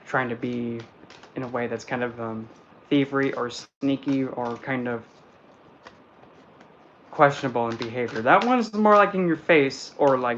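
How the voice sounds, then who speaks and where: A man's voice: mid-range voice, unhurried, pauses often, fairly bright tone, lo-fi sound, a little hiss or hum. Chatty man reviewing tarot decks. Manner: chatty, playful, rambling. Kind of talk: casual chat.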